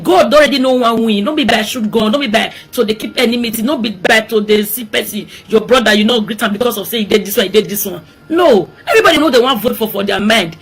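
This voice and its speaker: A woman's voice: medium pitch, slightly rough. A woman from Edo State with a Nigerian accent, making an emotional, pleading appeal for peace and repeating her words often.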